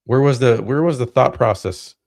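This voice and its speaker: A man's voice: mid-range voice, moderate pace, darkish tone. A man hosting a livestream, ranting heatedly with lots of swearing and repeated words. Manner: heated, profane, repeats himself. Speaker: livestream host. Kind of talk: casual ranting commentary.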